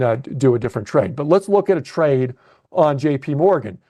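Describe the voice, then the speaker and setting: A man's voice: fairly high pitch, animated, a little fast, dark tone. A man coaching a live webcast lesson on options trading, thinking aloud as he clicks through trades on his screen and checks in with "okay?". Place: at a computer narrating a screen share.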